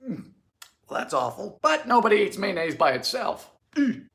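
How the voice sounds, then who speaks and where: A man hosting a baking video, narrating in a theatrical, sardonic way with sudden high-pitched exclamations, in a home kitchen. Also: very animated, moderate pace, vocal fry, a bit bright. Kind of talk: comedic cooking narration. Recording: echoey room sound.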